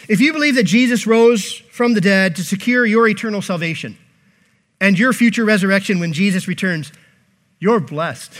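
A male pastor preaching a sermon in an emphatic, animated way, with joking asides. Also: sits high.

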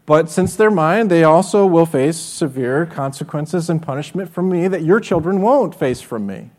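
A man's voice: fairly high pitch, lively intonation, moderate pace, a little mellow. A man preaching a sermon as pastor, earnest and direct, often asking his listeners rhetorical questions. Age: adult with children.

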